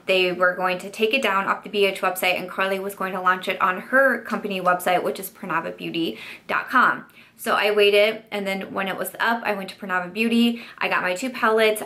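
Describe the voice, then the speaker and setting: A woman's voice: mid-range voice, bright, forceful tone. A young woman beauty YouTuber telling a chatty story-time vlog, full of "like" and "you know" fillers.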